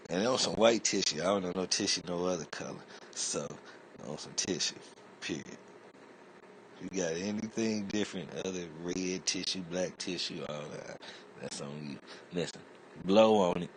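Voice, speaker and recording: This man talks from very low in his chest, loose and rambling as he spins out a comic rant full of cursing. He drifts from point to point in a streetwise, offhand way. A faint hum of noise sits under his voice. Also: moderate pace, long pauses. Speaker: internet comedian. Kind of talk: comedic rant monologue.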